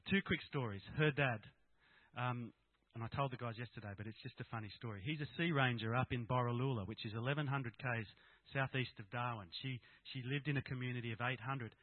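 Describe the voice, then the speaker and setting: A man's voice: mid-range voice, fairly even intonation, brisk, no room sound. A middle-aged Australian man giving a candid, plain-spoken personal talk to an audience of Christian fathers. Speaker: speaker at a Christian fathers' gathering. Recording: tinny, dry phone-like sound.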